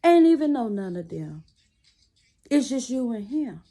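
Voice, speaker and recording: Sassy woman preaching advice, mellow tone. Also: a little high, big pitch swings, a little slow. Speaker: vlogger. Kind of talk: casual chat to camera while lacing shoes. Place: small cluttered room at home.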